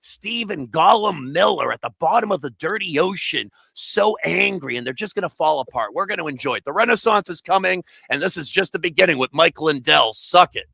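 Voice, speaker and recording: A man riffing in a loud, rambling comic rant full of slang. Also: on the high side, lively intonation, vocal fry, breathy edge, dry recording. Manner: loud, rapid, jokey rants with slang. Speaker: comedian guest.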